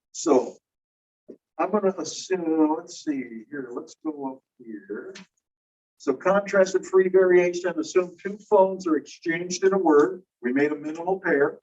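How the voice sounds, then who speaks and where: A male teacher giving a recorded lecture, patiently explaining and slowly repeating example words. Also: on the high side, darkish tone. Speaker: linguistics teacher. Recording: distant, dull lecture recording.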